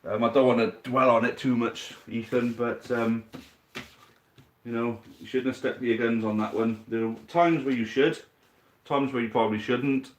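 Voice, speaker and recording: Male host, middle pitch, lively stream commentary, light background hiss. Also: normal speed. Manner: excitable commentary, rising at big moments, addressing viewers as mate. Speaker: host commentating a dice football game on a stream. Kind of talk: live game commentary and chat to viewers.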